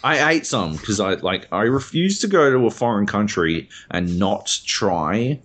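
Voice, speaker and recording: A man's voice: fairly low pitch, big pitch swings, a little slow, a bit bright, a little hiss or hum. A young Australian man, a podcast co-host, rambling through a casual chat and swearing freely.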